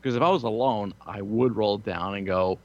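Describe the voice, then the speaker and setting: A man's voice: on the low side, fairly quick, a little mellow, muffled recording. A man in his thirties telling crude, rambling, self-mocking stories in casual chat. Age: 30s.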